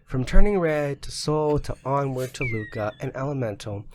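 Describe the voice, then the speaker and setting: A man's voice: mid-range voice, expressive, a little slow, noisy background. A man co-hosting a casual podcast discussion, ranting emphatically and with plenty of profanity, his voice getting a little worn. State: losing his voice. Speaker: podcast co-host.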